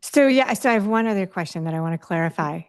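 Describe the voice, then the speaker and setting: A woman's voice: mid-range voice, expressive, fast, clear, resonant tone. A woman hosting a podcast, asking questions conversationally and rephrasing them as she thinks aloud. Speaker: podcast host. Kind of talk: conversational interview.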